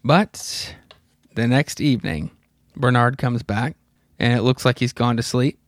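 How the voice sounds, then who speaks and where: A man's voice: mid-range voice, measured pace, dry recording, studio quality. A man in his thirties hosting a podcast, casually retelling a comic story with rambling, profane asides and chuckles. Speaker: podcast host. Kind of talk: casual comic book recap.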